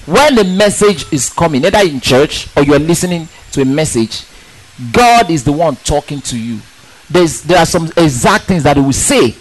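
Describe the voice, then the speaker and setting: A male preacher with a fairly high voice delivers a sermon with great emphasis. He asks rhetorical questions, repeats words to drive his point home, and swings his delivery up and down. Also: expressive, normal speed, rough recording.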